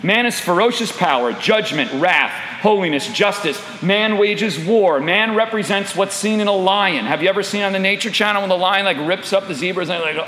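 A man's voice: sits high, moderate pace, few pauses, slight background noise. A middle-aged man preaching a sermon, often asking the listeners questions. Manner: animated, asks the audience questions. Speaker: pastor. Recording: echoey hall with long reverb.

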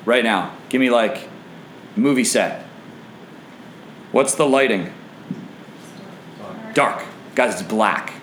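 A man preaching and teaching from the Bible, asking the audience questions, his voice swinging from low and grave to high and excited. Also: echoey room, slight background noise, low-quality recording.

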